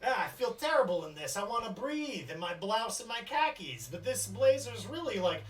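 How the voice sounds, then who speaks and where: A game master voicing a brash, gushing woman who hosts a police gala, loud and crude with swearing. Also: medium pitch, sing-song, moderate pace, voice pushed up, lightly acted. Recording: distant mic with faint music.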